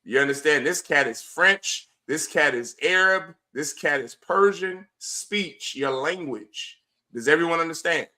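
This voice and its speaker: A man's voice: fairly high pitch, animated, unhurried, pushed and bright. A man, a priest and teacher, giving a classroom lecture and often checking whether the class understands. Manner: preachy, keeps asking the class "you understand?". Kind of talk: classroom lecture streamed online. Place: classroom with students present.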